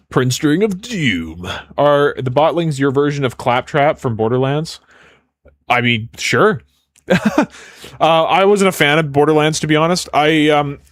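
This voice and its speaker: A man's voice: medium pitch, dry recording. Young Canadian male streamer, casual and rambling, dry close mic. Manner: casual, rambling, quick to joke. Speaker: game dev streamer. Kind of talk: live coding stream chat.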